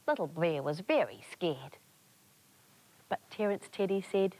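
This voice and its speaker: A woman, a children's TV presenter, telling a story to young children in a lively, encouraging, sing-song way. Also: lowish voice, a little slow, low-quality recording.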